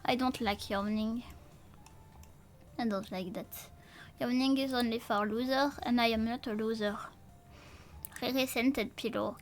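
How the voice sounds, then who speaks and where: High-voiced sleepy woman streamer, slow-spoken. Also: fairly even intonation. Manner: silly, playful, rambling with nonsense rhymes; counting dumbbell lifts aloud. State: sleepy, yawning. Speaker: vtuber streamer. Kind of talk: casual late-night livestream chat.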